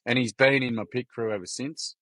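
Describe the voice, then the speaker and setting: A man's voice: medium pitch, fairly even intonation, fairly quick, fairly bright tone, no echo. Blunt Australian man telling stories. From Gold Coast, Queensland, Australia. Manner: blunt, swears freely, heavy on mate and like. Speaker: podcast guest. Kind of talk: candid conversational storytelling.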